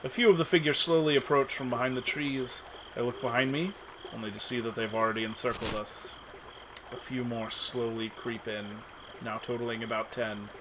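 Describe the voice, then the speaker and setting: A man's voice: medium pitch, fairly even intonation, moderate pace, background noise. A man streaming himself reading a text adventure aloud as dramatic narration, with asides. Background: game music.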